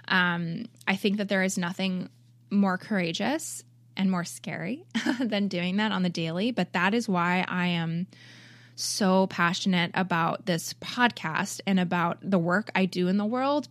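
A woman's voice: on the low side, no room sound. A woman in her thirties hosting a solo podcast, talking earnestly and with feeling, with many ums and a frequent "right?". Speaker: podcast host. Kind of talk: heartfelt solo podcast talk.

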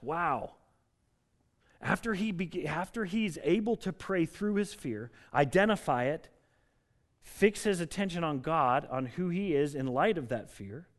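A man preaching a sermon in an earnest, emphatic way, building up in intensity and then dropping low. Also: a bit bright. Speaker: pastor.

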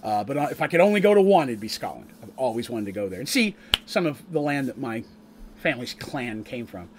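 A man's voice: medium pitch, very animated, a little fast, a crowd in the background. A Canadian-raised man recapping a tabletop campaign on stream in a casual, rambling way, often restarting his sentences. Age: adult, eldest grandchild with a wife. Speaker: game master and streamer.

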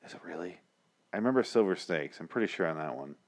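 Man, very low voice, sarcastic, profane, casual podcast chat. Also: lively intonation, fast talker. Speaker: podcast co-host. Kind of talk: casual crude podcast banter.

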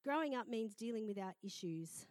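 A middle-aged woman pastor, preaching a sermon in a lively storytelling manner. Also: on the high side, moderate pace, no room sound. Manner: lively storytelling, acting out quoted voices.

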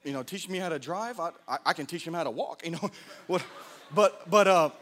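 Animated preacher man in echoing hall. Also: a little high, brisk. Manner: animated, jokey, self-interrupting. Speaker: pastor. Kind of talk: sermon with storytelling. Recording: long hall reverb.

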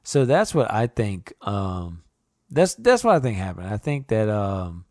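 A man's voice: on the low side, very animated, a little slow, darkish tone, no room sound, studio quality. A young man chatting casually as a podcast co-host, rambling, swearing, and laughing as he reviews a movie. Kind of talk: casual chat.

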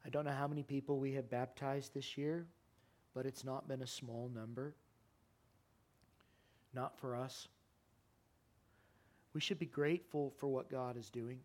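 A man preaching a sermon in a church, impassioned, his voice climbing high and loud, then sinking to a quiet, earnest plea. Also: little pitch movement, a little slow, long pauses. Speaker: pastor. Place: church sanctuary.

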